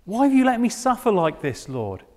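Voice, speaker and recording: A man's voice: high voice, wildly swooping pitch, moderate pace, in a large hall, pitched above the performer's own voice. A man voicing an anguished apostle who pleads with God in prayer, emphatic and pleading.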